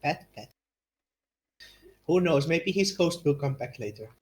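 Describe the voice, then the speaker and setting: A man's voice: a little high, lively intonation, a little slow. A man chatting casually with friends, teasing playfully and giggling. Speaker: streamer voicing a game.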